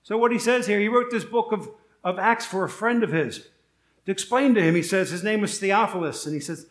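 A man's voice: sits high, a little fast, reverberant. A middle-aged male pastor preaching a sermon in a conversational way, full of rhetorical questions and joking asides.

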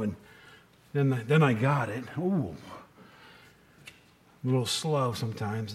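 A man preaching with a high voice, telling stories in a relaxed, conversational way. He acts out the voices of the people he quotes and pushes into urgent exhortation. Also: moderate pace. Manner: conversational storytelling sermon, acting out quoted voices. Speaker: pastor. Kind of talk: sermon.

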